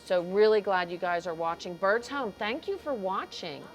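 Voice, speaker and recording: A woman's voice: mid-range voice, lively intonation, moderate pace, slight background noise, poor audio. A woman commentating a cattle show livestream in an arena, chatting, greeting viewers and stumbling over names. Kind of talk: live commentary.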